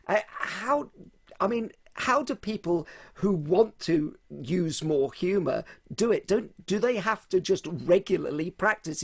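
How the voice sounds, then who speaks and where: A man's voice: a little high, breathy edge. A male podcast host interviewing a guest, curious and asking probing questions.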